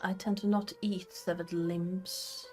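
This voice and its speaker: A woman's voice: lowish voice, little pitch movement, slow, darkish tone. A woman voicing a small, refined talking dog who speaks in a haughty, formal way.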